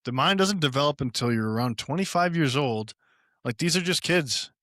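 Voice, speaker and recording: A man's voice: a little high, expressive, fairly bright tone, dry recording. Blunt man, dry close sound. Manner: blunt, agreeing, quick asides. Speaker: podcast co-host. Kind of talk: casual podcast discussion.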